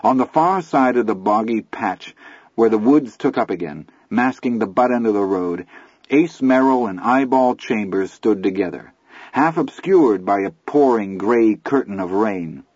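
Low husky guy reading an audiobook, dry dull lo-fi sound. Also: lively intonation, unhurried, a little mellow, no echo. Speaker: audiobook narrator. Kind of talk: scripted narration.

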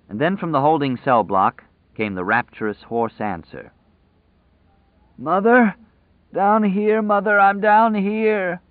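Male audiobook narrator, lowish voice, measured and dramatic, dry tinny phone-quality sound. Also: dry recording.

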